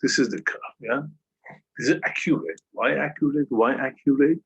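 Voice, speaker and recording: A man's voice: mid-range voice, moderate pace, fairly bright tone, breathy edge, muffled recording. A man teaching a calculus lesson over a video call, who keeps checking understanding with a questioning "yeah?". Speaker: math tutor.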